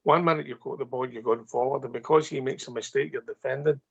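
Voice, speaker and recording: A man's voice: medium pitch, steady tone, quick pace, creaky, slightly rough, muffled recording. A Scottish man co-hosting a fan phone-in, making firm, emphatic points in casual chat.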